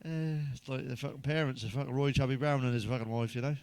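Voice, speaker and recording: A man's voice: mid-range voice, fairly even intonation, quick pace, vocal fry, darkish tone, smooth. A middle-aged man telling crude jokes in a blunt stand-up monologue, swearing constantly. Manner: blunt, heavy swearing, does character voices in jokes. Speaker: stand-up comedian.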